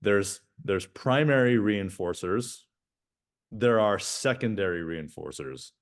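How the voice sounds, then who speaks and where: Lively man co-hosting a podcast. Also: fairly low pitch, takes it slowly. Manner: animated, many restarts and "right?" tags. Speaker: podcast co-host. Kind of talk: casual podcast chat.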